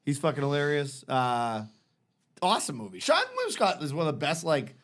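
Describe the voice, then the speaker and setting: A man's voice: a little high, big pitch swings, fairly quick, fairly bright tone. A man co-hosting a casual podcast, running the draft turns in an upbeat way and filling his talk with "like". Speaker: podcast co-host. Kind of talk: casual chat.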